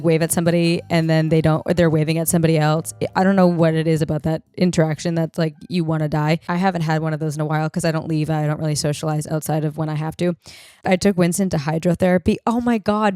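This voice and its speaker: Young woman host, lowish smooth voice, chatty and swearing, dry close sound. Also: dry recording. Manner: animated, profane, self-deprecating storytelling. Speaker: podcast host. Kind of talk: casual storytelling chat. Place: home room used as podcast studio.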